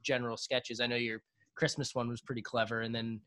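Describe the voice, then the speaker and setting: A man hosting a podcast, asking his guest questions in an easygoing, casual way and laughing along at his stories. His voice sits in a middling pitch. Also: flat delivery, brisk, a bit bright. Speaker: podcast host. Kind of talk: casual interview chat.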